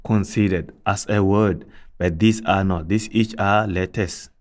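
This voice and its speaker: A man teaching Arabic letter sounds, speaking in a measured way and repeating syllables slowly and deliberately. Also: lowish voice, fairly even intonation. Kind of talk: slow step-by-step pronunciation lesson.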